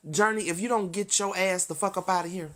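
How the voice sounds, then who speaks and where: A woman hosting a casual livestream rants heatedly and profanely straight at her viewers, talking fast in a mid-range voice with fairly even intonation. She often breaks off to laugh and apologize.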